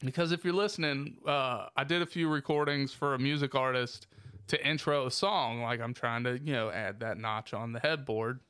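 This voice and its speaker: A podcast co-host chats casually, joking around, laughing often and swearing freely. His medium-pitched voice is clear, resonant and a bit bright at a normal speed, recorded at studio quality with no echo.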